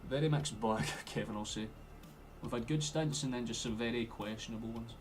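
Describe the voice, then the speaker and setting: A young Scottish man streaming a football watchalong, chatting and swearing freely, with sudden loud outbursts at the play. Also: medium pitch, a little fast, over music. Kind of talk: live match commentary to chat.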